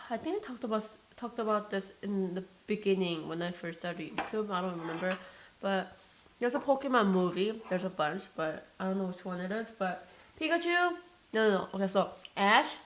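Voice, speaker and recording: A woman's voice: medium pitch, rough recording. A young adult woman chatting casually in an eating vlog, rambling and emotional, with many fillers and restarts, over a slightly staticky mic. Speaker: mukbang vlogger. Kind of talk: casual chat while eating.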